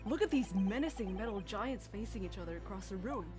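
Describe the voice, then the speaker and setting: A woman's voice: mid-range voice, lively intonation, fairly quick, lightly acted. A woman reading a nervous young male lawyer who stammers and hesitates, over game music.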